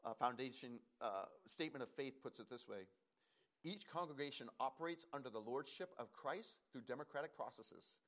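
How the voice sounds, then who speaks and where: A man preaching as pastor, earnest and emphatic, pausing and repeating phrases for stress. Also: medium pitch. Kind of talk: sermon.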